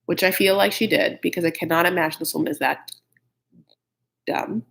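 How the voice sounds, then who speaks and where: A man's voice: high voice, steady tone, fairly quick, vocal fry, fairly bright tone. A man hosting a live chat recap of a reality show, gossipy and blunt, with frequent "like" and mocking impressions of the cast.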